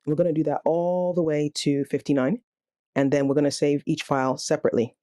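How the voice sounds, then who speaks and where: A man walks through a programming tutorial step by step in a relaxed, explaining manner. His voice is warm and mellow, and the recording is close and dry with no room sound. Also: on the high side, fairly quick, no echo. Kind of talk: screen-recorded coding tutorial.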